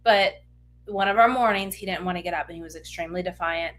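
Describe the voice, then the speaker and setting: A woman's voice: fairly low pitch, quick pace, a bit bright. A woman in her thirties co-hosting a podcast, talking earnestly and reflectively in casual chat, with lots of "like" fillers. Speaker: podcast co-host.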